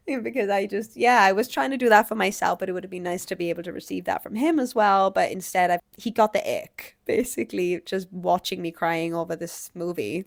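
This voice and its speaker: A woman's voice: mid-range voice, animated, a little fast, vocal fry. A woman hosting a solo relationship podcast as a coach, explaining things in a conversational way.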